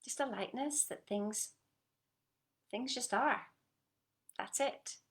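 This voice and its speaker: A woman coaching listeners on a group call in an earnest, coaxing manner, often dropping to a soft whisper and checking in with short questions. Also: on the high side, slow. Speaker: motivational coach. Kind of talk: motivational talk on a group call.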